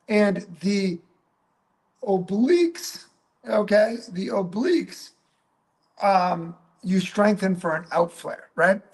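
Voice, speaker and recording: A man, a physical therapist, teaching through a patient story, often checking in with "right?" and "okay?" and acting out what he said back then. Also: high-pitched. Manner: animated, peppers talk with "right?" and "okay?"; acts out his own past remarks. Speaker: physical therapist and clinic coach.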